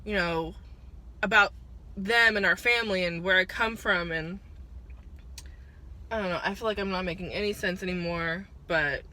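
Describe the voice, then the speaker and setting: Emotional vlogger, woman in her twenties, bright voice, halting and fighting back tears. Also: lowish voice. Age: 20s. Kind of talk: emotional personal vlog. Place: at work, on a break.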